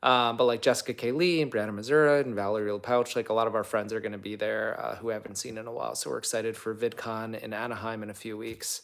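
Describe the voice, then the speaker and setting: A man's voice: fairly low pitch, little pitch movement, quick pace, vocal fry, few pauses. A young man hosting a casual livestream, answering viewer comments in a rambling, chatty way full of fillers. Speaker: livestream host and actor.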